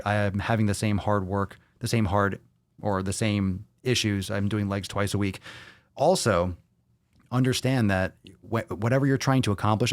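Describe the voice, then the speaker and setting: A lower-voiced man hosts a loose livestream fitness Q&A. He talks bluntly and swears freely, all off-the-cuff, into a close, dry mic. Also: no echo. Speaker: fitness podcast host. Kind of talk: casual livestream Q&A.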